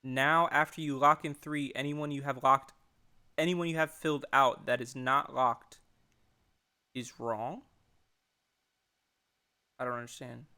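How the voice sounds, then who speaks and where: Young male streamer, live game commentary, bright, forceful voice, jittery and profane. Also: mid-range voice, a little slow, long pauses, smooth. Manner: excitable, nervous, swears a lot.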